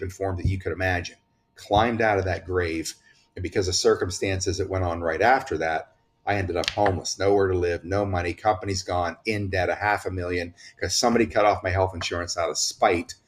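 A man talking in an impassioned, preachy way, issuing urgent warnings as a commentator. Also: on the low side. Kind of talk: impassioned political talk.

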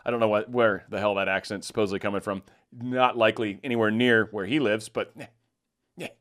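A man's voice: fairly low pitch, fairly even intonation, brisk, fairly bright tone. A man giving casual, sarcastic political commentary, ranting and mocking.

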